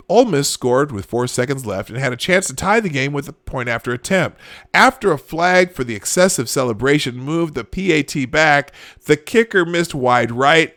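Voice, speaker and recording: A man's voice: mid-range voice, a bit bright, no room sound, clean studio sound. A man hosting a casual live show, reacting to online posts with frequent exclamations and laughter. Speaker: host.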